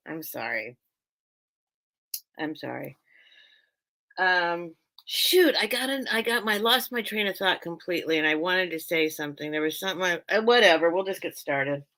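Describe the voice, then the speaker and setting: A woman with a fairly low, slightly bright voice hosts a live online sale at a moderate pace. Her casual live-stream chat rambles as she loses her train of thought and laughs often.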